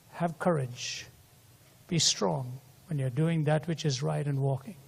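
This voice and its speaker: A man's voice: on the high side, breathy edge. An older man preaching a sermon and telling stories, his voice climbing to emphatic peaks. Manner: storytelling, voice rising to emphatic peaks. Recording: hall reverb.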